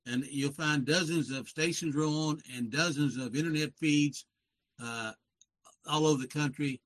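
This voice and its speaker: A man's voice: on the high side, moderate pace, fairly bright tone, poor audio. A man in his seventies from West Virginia with a Southern accent, a radio pastor chatting as a guest in a folksy, rambling way that often corrects itself. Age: 70s. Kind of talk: casual talk show conversation.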